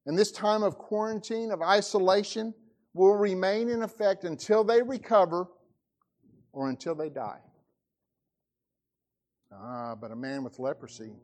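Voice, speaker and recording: A male pastor preaching a sermon, dramatic, his voice rising to cries and dropping to a hush. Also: a little high.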